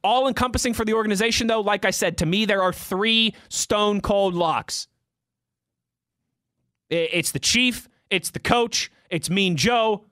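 A young man with a high, bright voice talks sports off the cuff, rambling and restarting as he reads through fan tweets. The sound is dry and close, with no room around it. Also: unhurried, no echo. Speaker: podcast host answering fan tweets. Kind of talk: casual sports talk show chat.

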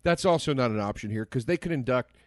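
A man's voice: mid-range voice, lively intonation, fast talker, no room sound, clean studio sound. A man in a casual podcast chat, ranting passionately and swearing freely. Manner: impassioned, profane ranting.

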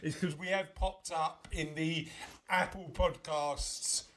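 A man's voice: a little high, steady tone, slow pace, a bit bright. A man hosting a podcast in a casual, rambling chat full of fillers and restarts. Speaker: podcast host.

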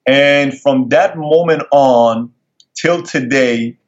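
Man, interview guest, animated storyteller, mid pitch, dull lo-fi recording. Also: slow pace. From Middle East. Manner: animated, acts out quoted dialogue in raised voice. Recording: dull lo-fi sound.

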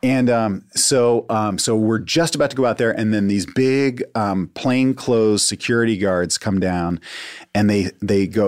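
A man's voice: fairly low pitch, moderate pace, no room sound, clean studio sound. A man telling a long anecdote in casual chat as a guest, acting out the voices of the people in it. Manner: animated, acts out voices in his anecdotes. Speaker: podcast guest. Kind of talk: casual storytelling.

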